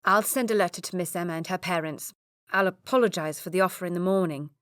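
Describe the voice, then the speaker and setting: A remorseful young lord in an audiobook, fretting over what he has done, as a woman narrator reads him. The voice sits a little low and is recorded dry and close. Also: fast, dry recording, close to an everyday voice. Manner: remorseful, anxious. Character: young nobleman Charles, guilt-ridden brother.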